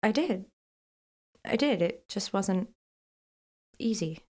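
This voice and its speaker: A woman's voice: mid-range voice, lively intonation, takes it slowly, darkish tone. An actress playing a frightened, reclusive woman being questioned in a radio play, answering hesitantly and evasively.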